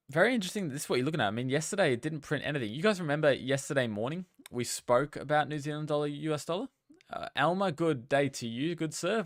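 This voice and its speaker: Lowish-voiced young guy running a trading stream, chatty, talks to chat, dry close sound. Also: fairly bright tone, no room sound. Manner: chatty, reads out viewer names and talks to chat. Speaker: livestream host. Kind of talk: casual live-stream market commentary.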